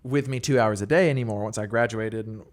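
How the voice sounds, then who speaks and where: A man's voice: fairly low pitch, quick pace. A young man, a worship leader and songwriter, telling stories in a casual podcast interview with lots of fillers. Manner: rambling, filler-heavy, animated storytelling.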